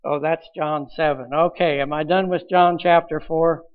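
A man's voice: fairly high pitch, fairly even intonation, normal speed, clear, resonant tone, phone-quality sound. A man preaching a sermon as pastor, earnest, with restarts and rising emphasis.

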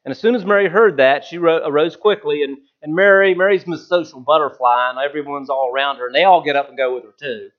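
A man's voice: on the high side, fast, few pauses, dull audio. A man preaching a conversational sermon, retelling a story with self-deprecating asides.

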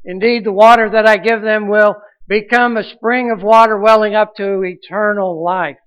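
A man's voice: sits high, steady tone, moderate pace, lo-fi sound. A man preaching a sermon as pastor, earnest, with restarts and rising emphasis.

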